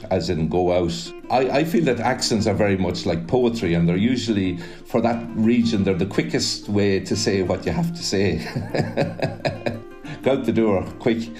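Low deep irish guy, leitrim accent, slow musing interview talk, guitar under it. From County Leitrim, Ireland. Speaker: writer and actor, interviewee.

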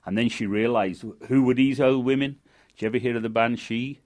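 An older man with a Manchester accent telling a folk tale in a lively, dramatic way. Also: medium pitch, fairly quick. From England. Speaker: storyteller and guide. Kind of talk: folk storytelling.

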